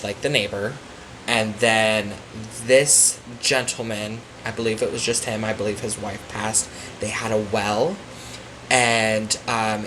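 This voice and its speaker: A man telling a long personal story as a podcast guest, winding and loose, full of pauses and restarts. His voice sits at an ordinary pitch, with a faint hiss of noise behind him. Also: fairly bright tone, low-quality recording. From Florida. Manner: rambling storyteller, many fillers and restarts. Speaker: podcast guest, psychic medium. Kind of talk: casual chat.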